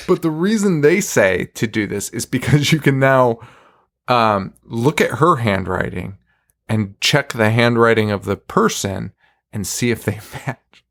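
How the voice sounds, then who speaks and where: A podcast host with a medium-pitched voice and lively intonation recaps in a casual chat, taking it slowly with long pauses. He's wry, swears freely, and laughs often.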